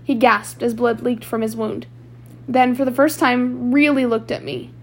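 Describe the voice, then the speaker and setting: A woman's voice: on the high side, steady tone, a little slow. A woman reading a novel aloud chapter by chapter, with small slips and restarts. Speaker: audiobook reader.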